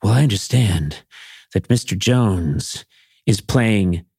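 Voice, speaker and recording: A man's voice: on the low side, animated, takes it slowly, creaky, darkish tone, breathy edge, full character voice. A man impersonating his prim, proper, old-fashioned mother, with a haughty, genteel way of speaking. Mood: prim, disapproving. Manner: genteel, haughty, formal diction.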